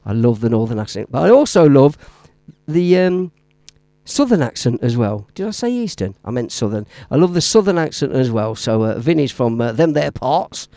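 This Midlands radio DJ is very animated, his medium-pitched voice dark in tone and moving at a moderate pace without echo. He chats casually, rambling and waffling on between the records.

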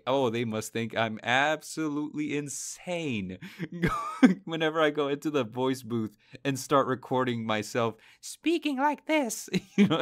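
A man's voice: mid-range voice, fairly bright tone, dry recording, clean studio sound. A man co-hosting a casual podcast, rambling with many fillers and laughing easily. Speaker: podcast co-host. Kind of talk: casual chat.

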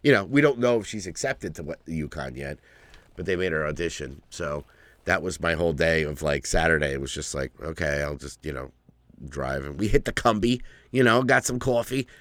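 A man's voice: deep voice, animated, fairly quick, a bit bright, no room sound. A middle-aged man hosting a podcast in casual banter, rambling, swearing freely and laughing often. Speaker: podcast host.

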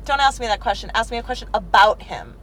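A woman's voice: fairly high pitch, expressive, quick pace, fairly bright tone, poor audio. A woman co-hosting a podcast, chatting casually and swearing freely with many fillers, inside a moving car. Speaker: podcast co-host. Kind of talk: casual chat, telling a dating story. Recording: road noise from a car.

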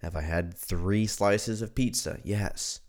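A man talks slowly in a low voice on his own at-home podcast, a casual solo ramble. He sounds drunk and congested and curses freely throughout.

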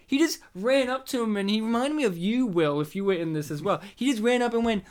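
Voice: mid-range voice, animated, fast talker, hardly any pauses, smooth. A commentary co-host in a casual chat, laughing a lot, swearing freely and slipping into jokey voices. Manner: giggly, sweary, with frequent jokey put-on voices.

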